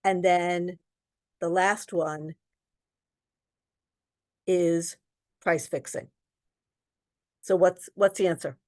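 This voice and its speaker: A woman who teaches real estate exam prep runs an online lesson, reading test questions aloud and explaining each answer with plenty of ums. Her voice is lowish and steady, and she speaks extremely slowly, pausing often.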